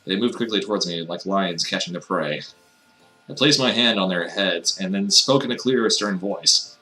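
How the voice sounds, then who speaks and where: A low-voiced man with a bright, forceful edge to his sound reads game text aloud. He keeps breaking off into wry, mocking asides, playing the dialogue for laughs. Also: normal speed, faint music behind. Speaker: let's player reading a visual novel aloud. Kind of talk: comedic reading with sarcastic asides.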